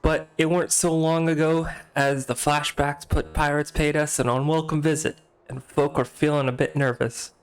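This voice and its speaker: A man reading out a gruff male tavern keeper's game dialogue in a clumsy attempted Scottish accent. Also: a little high, level tone, moderate pace, few pauses, natural voice. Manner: reading game dialogue aloud in a put-on brogue.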